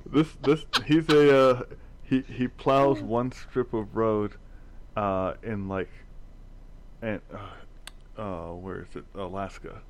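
A man's voice: fairly low pitch, steady tone, slow pace, a little hiss or hum. A man rambling through a movie plot in casual chat, often stumbling and restarting his words.

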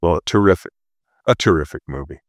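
A man's voice: low-pitched, animated, a little fast, dry recording. A man in his sixties chatting casually as a co-host, telling stories about himself with dry, self-mocking humor. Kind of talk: casual chat.

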